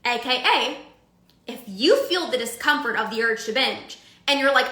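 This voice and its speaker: Bright chatty woman coaching. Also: high voice, expressive, unhurried, roomy sound. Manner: casual, chatty, full of analogies and filler likes. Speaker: binge eating coach. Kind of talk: live-streamed coaching talk.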